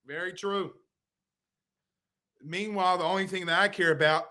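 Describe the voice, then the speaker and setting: A man hosting a casual sports talk show, emphatic and quick, reading viewer comments aloud and ribbing his co-host. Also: high-pitched, steady tone, pushed and bright, dry recording, studio quality.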